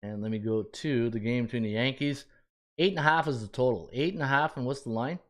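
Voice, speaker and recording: Speaking a little fast at a medium pitch, a Canadian man hosts a sports betting podcast. His tone is laid-back as he reasons aloud through the figures, joking with himself along the way.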